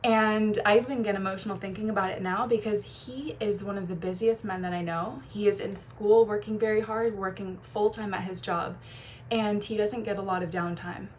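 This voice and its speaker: A woman's voice: medium pitch, steady tone, slight background noise. A young woman who coaches on relationships, talking to camera in a casual, gushing way with frequent light laughs. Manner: warm, gushing, quick laughs and playful quoted voices. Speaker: feminine energy coach.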